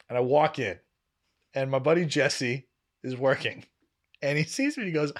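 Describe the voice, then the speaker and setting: Fairly quick and mid-range in pitch, this young podcast co-host tells a story in relaxed conversation. He animatedly performs the voices of people he quotes, laughing and cursing freely.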